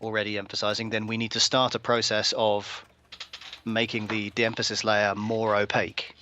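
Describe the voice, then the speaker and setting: A man pair-programming, calmly explaining what the code should do. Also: lowish voice, normal speed, highs cut off, a little hiss or hum. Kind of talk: casual technical discussion.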